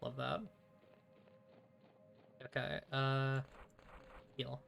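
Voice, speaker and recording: A man's voice: mid-range voice, completely flat delivery, very slow, gravelly, a bit bright, soft background music. A man casually commenting while playing a video game on a live stream, chatty, swearing freely and talking to himself in short bursts.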